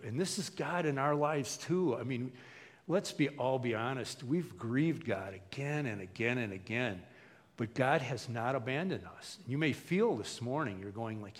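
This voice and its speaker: A man preaching a conversational sermon as a pastor, acting out what people say in quick asides. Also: medium pitch, animated. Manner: conversational, acts out quoted voices. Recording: long hall reverb.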